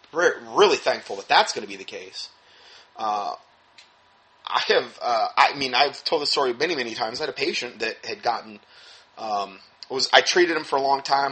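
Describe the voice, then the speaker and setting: Bright-voiced man preaching over news. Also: medium pitch, poor audio. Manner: emphatic, sarcastic asides, frequent restarts. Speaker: religious teacher. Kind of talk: reading news aloud with preaching commentary.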